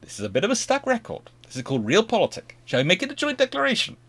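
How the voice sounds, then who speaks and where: A man's voice: mid-range voice, wildly swooping pitch, normal speed. A man with a British accent voicing exasperated British diplomats who coax and plead in a raised voice.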